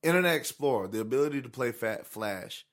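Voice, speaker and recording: A man with a medium voice chats casually in a studio, joking and animated. Now and then he jumps into high mock voices to make a point. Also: brisk. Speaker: podcast co-host. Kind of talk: casual chat.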